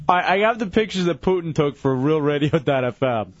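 A man's voice: on the high side, lively intonation, a little fast, no room sound, dull audio. A man hosting a radio show, teasing a co-host and reading listener messages between laughs. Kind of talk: casual radio banter.

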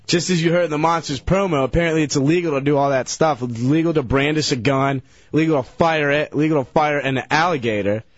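Speaking quickly with barely a pause, a tired man in a slightly high voice tells a meandering story as a regular radio guest, stumbling and restarting his sentences. The studio mic gives a dull, dry broadcast sound with no room ambience.

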